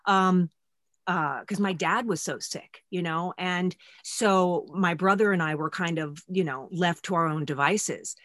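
Frank, lowish-voiced woman host. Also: a bit bright, no room sound, studio quality. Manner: frank, self-deprecating, halting restarts. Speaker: podcast host. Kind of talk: candid podcast conversation.

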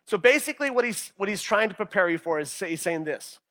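A male pastor with a high voice and fast delivery preaches an animated sermon. He often stumbles and repeats words while acting out the people's complaints.

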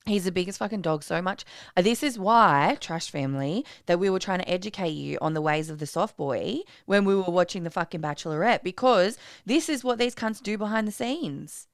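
A woman's voice: lowish voice, animated, brisk, few pauses, no room sound, clean studio sound. Crude, swearing woman co-host. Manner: crude, blunt, swears a lot. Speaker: podcast co-host. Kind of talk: casual chat.

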